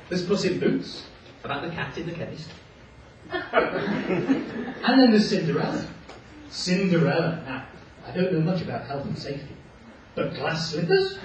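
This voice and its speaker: A man doing comic storytelling for children, playful and animated with jokey asides. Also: high-pitched. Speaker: children's author and performer. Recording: echoey hall, distant mic, dull sound.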